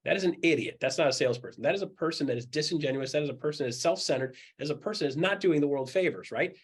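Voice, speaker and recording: This man races along in a husky, fairly high voice as he coaches a group of real estate agents. Blunt and full of jokes, he animatedly acts out the voices he quotes and repeats what he's said.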